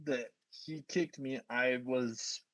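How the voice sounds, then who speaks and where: A young man as a guest in a casual chat, telling a story in a low-key way. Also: takes it slowly, a bit bright, dry recording, rough recording.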